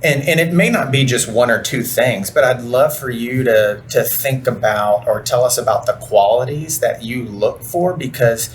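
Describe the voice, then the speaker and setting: A man's voice: mid-range voice, a little hiss or hum. A man hosting a podcast interview, enthusiastic and affirming, chatting casually with his guest. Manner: enthusiastic, affirming, quick to agree. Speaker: podcast host and recruiter.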